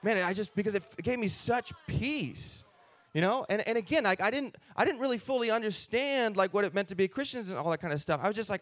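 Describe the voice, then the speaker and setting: A man sharing his personal faith testimony in an earnest, animated way, often acting out his own thoughts. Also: high-pitched, fast, dry recording.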